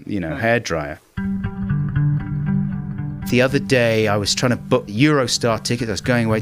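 A middle-aged man, a comedian, telling candid anecdotes in an interview and often laughing at himself. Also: medium pitch. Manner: self-mocking, laughs through his stories. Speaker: comedian and broadcaster.

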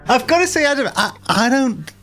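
A man's voice: extremely high pitch, sing-song, a little fast, over music. A man hosting a documentary podcast, narrating and questioning his guest in a dry, probing way. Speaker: host and narrator.

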